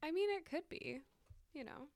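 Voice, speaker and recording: A woman's voice: very high voice, lively intonation, moderate pace, darkish tone, dry recording. A woman co-hosting a podcast in casual chat, easygoing and chatty, with amused reactions. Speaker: podcast co-host.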